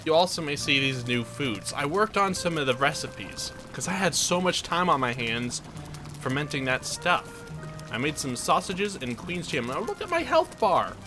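Man, gaming host, let's play commentary, playful, self-mocking, slightly high voice. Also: expressive, moderate pace, music in the background.

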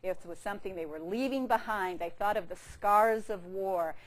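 A woman's voice: mid-range voice, moderate pace. Lady curator giving a museum talk, easygoing, lots of ums and restarts, holding a mic. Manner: chatty and good-humoured, with frequent fillers and restarts. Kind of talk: public lecture. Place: museum lecture room. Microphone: handheld microphone with a power pack.

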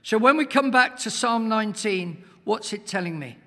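A man preaches to a congregation in a high, gravelly voice. He pushes his points hard and sometimes nearly shouts. Long reverb rings around him in the church hall. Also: animated, normal speed. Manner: emphatic, swells to near-shouts, asks the congregation questions. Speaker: guest preacher. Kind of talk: sermon.

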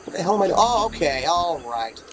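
Playing games at home with his dogs around, a man gives playful, casual commentary, using cooing baby talk on his character and jumping from mumbles to outbursts. He talks a little fast in a high voice with big pitch swings, and there's slight background noise.

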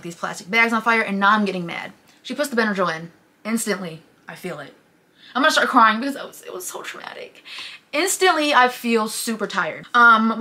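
A young woman vlogger telling a personal story to camera in a casual, animated, rambling way, full of fillers and restarts. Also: medium pitch.

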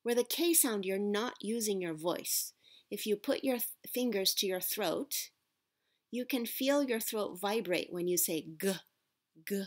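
A woman language teacher speaks in an unhurried, deliberate way and lets each sound land before moving on. Her voice sits at an ordinary middle pitch. She talks patiently, as if to a class. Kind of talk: classroom-style lesson.

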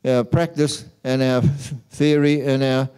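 A priest delivers his homily at an unhurried, deliberate pace. His voice is mellow and smooth, sitting at an ordinary middle pitch for a man. He tells his story in a calm, measured way. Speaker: Catholic priest.

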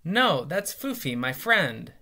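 A man voicing a young boy who pleads high and near tears for his lost dog. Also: big pitch swings, slow pace, sharp tone, heavily acted. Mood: insistent.

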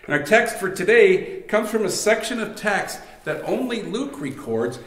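Guy preaching a sermon, kinda chatty, lots of you knows and restarts, voice on the high side, roomy echo. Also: fairly bright tone. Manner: conversational preaching with frequent fillers and restarts. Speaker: pastor. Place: church sanctuary. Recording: echoey church room.

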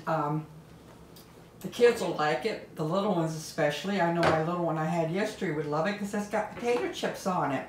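Low-voiced older woman chatting in kitchen. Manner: homey and chatty, talks while tasting food. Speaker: home cooking channel host. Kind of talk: casual cooking demonstration. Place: home kitchen. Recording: echoey kitchen, faint background noise.

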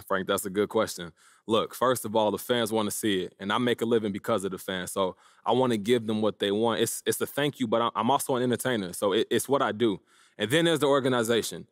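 An actor playing a confident young pro basketball player at a press conference in a game cutscene, relaxed and media-savvy. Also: male voice, fairly low pitch, a little fast, no echo, studio quality, natural voice. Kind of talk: video game cutscene dialogue.

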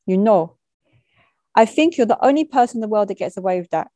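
A woman's voice: medium pitch, lively intonation, fairly quick, dry recording, studio quality, close to an everyday voice. A woman reading a menacing Italian-accented dealer. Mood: smooth, menacing. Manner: easy joking turning to quiet threat. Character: menacing male drug dealer, grown man, laughing then cold. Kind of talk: reading a short story aloud.

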